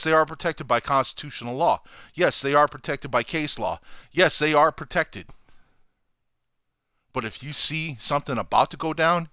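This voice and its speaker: A man hosting his own channel, ranting furiously to camera from home with heavy swearing and loud outbursts. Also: medium pitch, dry recording, clean studio sound. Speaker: channel host. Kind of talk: angry profane rant to camera.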